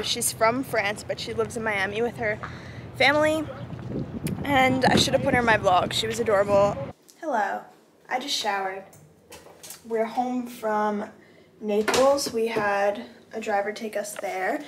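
A woman's voice: a little high, fairly even intonation, moderate pace, echoey room, background noise. A young woman chatting casually into a phone camera, talking about her trip, full of fillers and a little out of breath. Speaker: travel vlogger. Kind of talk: casual vlog chat. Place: hotel room and car.

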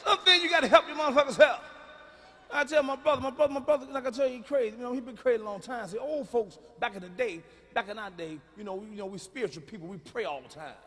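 A middle-aged man doing a profane, blunt stand-up routine, booming out his punchlines live in a large venue. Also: fast talker, few pauses, breathy edge. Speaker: stand-up comedian. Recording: live stage mic in a reverberant arena.

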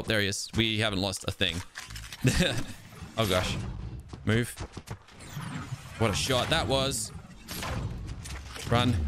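A young man hosting a gaming channel, giving excitable live gameplay commentary and talking straight to his viewers. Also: medium pitch, background noise. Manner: excitable, exclaims often, talks to viewers.

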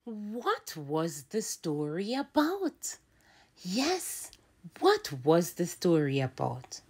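A woman's voice: sits low, a little mellow, husky. A woman with a Jamaican accent teaching a children's phonics lesson, sounding out letters and words in a sing-song way.

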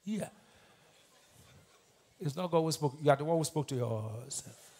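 A man with a Nigerian accent preaching a sermon as pastor, quizzing his congregation call-and-response style and swinging between loud declarations and hushed lines. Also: fairly high pitch, expressive, measured pace, husky.

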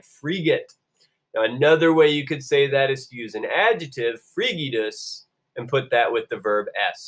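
A man teaching a Latin lesson to a class, asking everyone to repeat phrases and saying the Latin words slowly and clearly. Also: medium pitch. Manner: call-and-response, drawing out Latin phrases slowly. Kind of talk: classroom-style video lesson.

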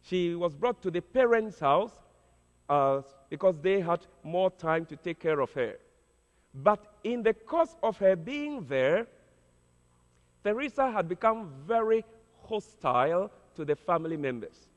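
Preaching a storytelling sermon, this pastor has a high, sing-song voice and an unhurried delivery, sincere and theatrical with halting fillers. The recording is muffled and carries long hall reverb.

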